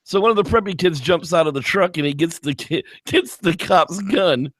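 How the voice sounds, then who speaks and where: A man in casual chat, recounting a film's plot with rising excitement and a slightly high voice. He speaks close to the mic in a dry, deadened space, pitching up sharply when he acts out characters. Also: moderate pace, no echo. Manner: animated retelling, squeals when quoting characters. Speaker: podcast co-host. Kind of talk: casual movie review chat.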